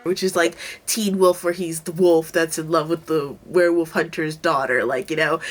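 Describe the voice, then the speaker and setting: A woman's voice: sits low, fairly even intonation, moderate pace, faint music behind. A young woman hosting her own video, chatting casually and gushing, with lots of "like.". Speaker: YouTube host. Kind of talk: casual chat.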